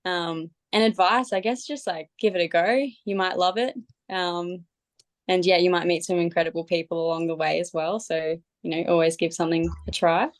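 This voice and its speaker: A woman with a fairly low voice answers in a relaxed, thoughtful way on a video call, her speech dotted with "like" and "um". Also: moderate pace. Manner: thoughtful, with "like" and "um" fillers. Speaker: football player. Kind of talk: casual interview answers.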